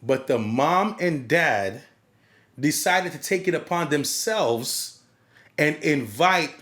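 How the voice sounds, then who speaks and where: A man's voice: on the high side, lively intonation, slow pace, fairly bright tone. A man who works as a DJ, telling a story in casual podcast chat and acting out quotes and crowd hype.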